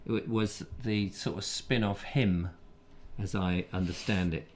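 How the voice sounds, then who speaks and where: A man's voice: fairly low pitch, steady tone, measured pace. A man hosting a casual live show, rambling and self-deprecating, with lots of ums and musing asides. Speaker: host.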